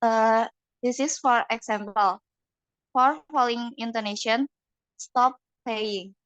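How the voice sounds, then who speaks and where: A young woman with an Indonesian accent giving a class presentation, reading slides haltingly with fillers. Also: on the high side, clear, resonant tone, dry recording, poor audio. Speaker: student presenter.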